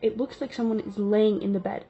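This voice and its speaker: Woman vlogger for casual story-time narration: rambling and filler-heavy, warm low tone, muffled home recording. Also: steady tone, brisk, slightly rough. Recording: dull lo-fi recording.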